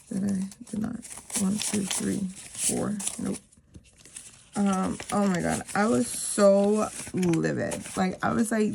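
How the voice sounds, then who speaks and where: A woman's voice: medium pitch, vocal fry, background noise. A woman chatting casually to her viewers while doing a cash savings challenge, repeating herself for emphasis.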